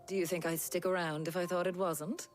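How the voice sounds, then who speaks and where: An actress playing a wry young herbalist ally in a video game. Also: female voice, on the low side, level tone, a little fast, soft background music, lightly acted.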